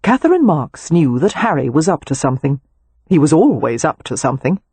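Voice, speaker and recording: A woman narrating an audiobook in a measured storytelling manner, recorded on a close mic. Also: deep voice, sing-song, warm tone, breathy edge, no room sound. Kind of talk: scripted narration.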